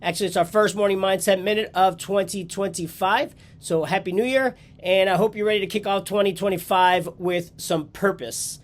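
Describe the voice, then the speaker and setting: Man, nasal, stuffy from a cold, slightly high voice, upbeat rambling vlog host, home office. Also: steady tone, moderate pace, hardly any pauses. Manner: upbeat, rambling with fillers and restarts. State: congested with a cold. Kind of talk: casual vlog talk to camera.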